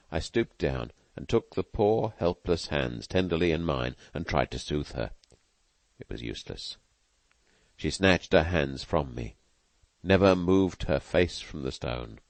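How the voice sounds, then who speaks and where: A man narrating a classic novel as an audiobook in a measured, earnest reading. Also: low-pitched, no room sound. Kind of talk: scripted narration.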